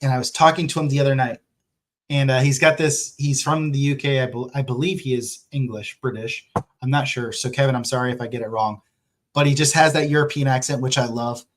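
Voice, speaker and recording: Man, author, casual vlog talk, animated, candid, swears freely, ordinary pitch. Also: a little fast, slight background noise. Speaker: author answering viewer questions.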